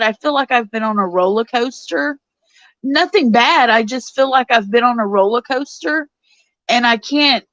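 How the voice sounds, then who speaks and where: A woman's voice: a little high, fairly bright tone, no room sound. A woman, hosting a casual live stream, chatty and tearful as she reads messages from viewers. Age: 40s. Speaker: show host reading live chat. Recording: dull, lo-fi sound.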